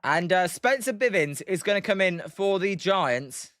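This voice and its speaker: A high, bright-toned British man calls the game pitch by pitch on a casual live stream. His voice is smooth and clear, and he keeps chatting with viewers between plays. The sound is close and dry. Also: animated, measured pace, no room sound. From Britain. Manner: chatty, answers viewers' chat messages between pitches, many fillers. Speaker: live stream play-by-play host. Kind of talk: casual live play-by-play commentary.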